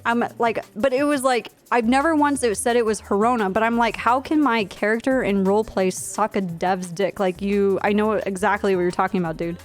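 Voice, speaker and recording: A young woman streamer chats casually, telling a long story in a blunt, profane way, padded with fillers. Her voice sits at an ordinary middle pitch. Faint music plays behind her. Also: a little fast, few pauses. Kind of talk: casual storytelling while live streaming a game.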